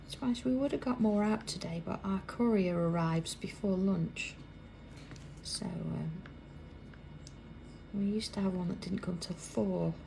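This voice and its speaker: This British craft demonstrator talks unhurriedly in a mid-range, gravelly voice with some fry as she hosts a live stream from a bustling indoor workroom. Chatty by nature, she goes almost to a whisper when focused on drawing, and a steady hum of noise runs underneath.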